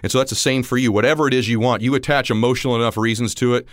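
Fast-talking motivational speaker, a man. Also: medium pitch, fairly even intonation, no echo, clean studio sound. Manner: storytelling, acting out dialogue, rising to near shouts. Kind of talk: motivational talk.

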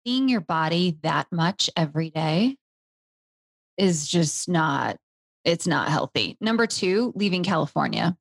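A woman's voice: sits low, sing-song, measured pace, vocal fry, no room sound, clean studio sound. A woman hosting a podcast, speaking in a reflective, earnest conversational way. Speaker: podcast host. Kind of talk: conversational interview.

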